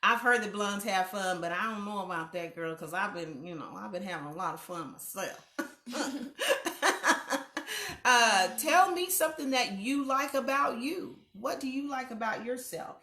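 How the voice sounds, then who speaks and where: A middle-aged woman hosts a live online talk show, reading viewer comments in a warm, affirming, playful way and laughing often. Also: mid-range voice, animated, moderate pace, reverberant.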